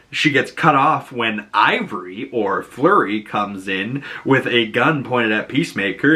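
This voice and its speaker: A man's voice: on the low side, bright, forceful tone. A man recapping a TV episode in a chatty, casual way, filling his talk with "you know" and "like". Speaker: video reviewer.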